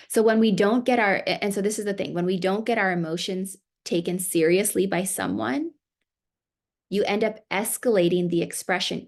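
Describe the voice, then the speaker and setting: Woman, middle-aged American therapist presenting a parenting seminar, casual coaching tone, average pitch. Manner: conversational, warm coaching with acted parent quotes. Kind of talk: conference seminar talk.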